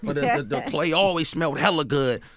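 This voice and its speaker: This Oakland man, a guest author and rapper in a casual radio studio interview, tells loose stories peppered with "you know what I mean." His voice is fairly high and fairly bright, quick-paced with lively intonation, captured cleanly in the studio with no echo.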